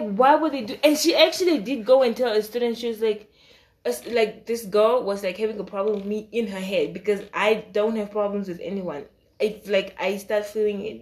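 A young woman recounts a school story in a loose, casual way, full of fillers. She acts out other people's lines with exasperation, then drops into soft, quiet asides. Her pitch sits in the middle of the usual range for a woman. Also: reverberant. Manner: animated, exasperated retelling with quoted dialogue; frequent fillers, trails off into soft low asides. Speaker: storytime vlogger.

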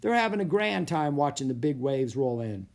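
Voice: mid-range voice, expressive, moderate pace, vocal fry, a little mellow. A reader voicing a jolly, kindly male policeman in a storybook reading, with a reassuring, fatherly manner.

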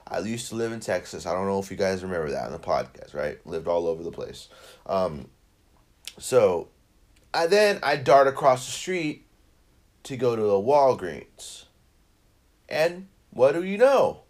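A man's voice: low-pitched, big pitch swings, measured pace, pauses often. A young man from Northern California's Central Valley, hosting a podcast and telling a rambling, profane story in casual chat. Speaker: podcast host.

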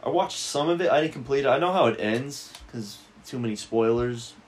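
A man's voice: mid-range voice, lively intonation, brisk. A young man co-hosting a casual podcast, laid-back and swearing freely as he chats. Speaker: podcast co-host. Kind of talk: casual crude chat.

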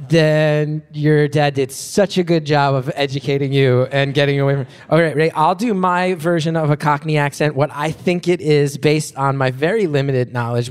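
A man's voice: on the high side, darkish tone, clear, resonant tone, big-room sound. A man hosting a live podcast, chatty and self-deprecating, often restarting his sentences. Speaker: podcast host. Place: live venue before an audience.

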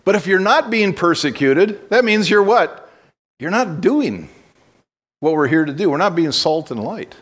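A man delivers a sermon from the pulpit in a voice pitched a bit above most men. He moves from loose, rambling storytelling full of restarts into blunt, direct calls to his listeners. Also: lively intonation, unhurried. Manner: conversational storytelling with blunt exhortations and frequent restarts. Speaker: pastor.

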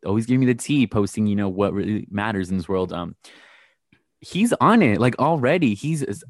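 A man's voice: fairly low pitch, animated, fairly quick, dry recording, studio quality. A young man co-hosting a podcast in casual chat, gossipy and sassy. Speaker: podcast co-host.

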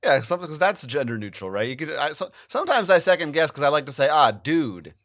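A man's voice: fairly high pitch, very animated, fast talker, a bit bright, no room sound, clean studio sound. A man co-hosting a podcast in casual chat, joking and rambling, often laughing. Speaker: podcast co-host. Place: New Jersey.

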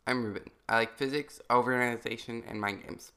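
A young man with a bright, tense voice co-hosts a casual podcast. He is self-conscious and giggly and keeps tripping over his own words. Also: medium pitch, fairly even intonation, brisk. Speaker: podcast co-host.

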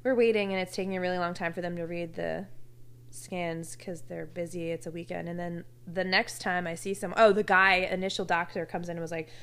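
A woman casually telling a personal story, animated and laughing, acting out what others said. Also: fairly low pitch, fairly quick, clear, resonant tone. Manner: animated, laughing, acts out quotes.

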